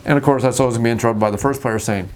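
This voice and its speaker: A man hosting a casual talk about tabletop games, jokey and animated, acting out scenes at the table. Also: medium pitch, racing. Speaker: host.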